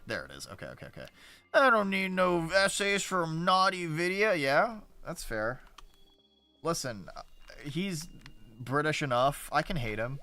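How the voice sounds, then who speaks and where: A man's voice: medium pitch, bright, forceful tone. A male streamer giving casual, rambling gameplay commentary, sarcastic and swearing often.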